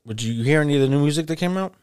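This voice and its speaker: A man's voice: fairly high pitch, very fast, darkish tone, clean tone, dry recording. Laid-back man, dry joking. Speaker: podcast co-host. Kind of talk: casual chat.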